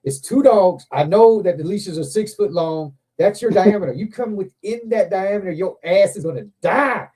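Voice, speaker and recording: A man with a somewhat high but mellow, dark-toned voice, hosting a casual livestream. He tells long, rambling stories full of swearing, jumping between thoughts and getting animated as he goes. It sounds like relaxed, unscripted chat. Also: normal speed, hardly any pauses, slightly rough. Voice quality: profane, rambling, animated anecdotes. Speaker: livestream host.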